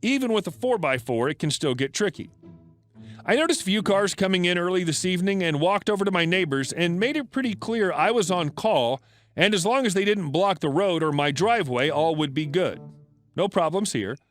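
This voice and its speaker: A man's voice: high voice, animated, fairly quick, a bit bright, no echo, faint music behind. A man narrating a story in a dry, matter-of-fact scripted reading.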